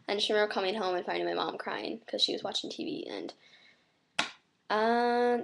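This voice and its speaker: An American teenage girl vlogs to camera in an earnest, reflective way. Her delivery is flat and monotone, broken by many fillers. Her voice sits at a middle pitch. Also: vocal fry. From United States. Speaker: vlogger.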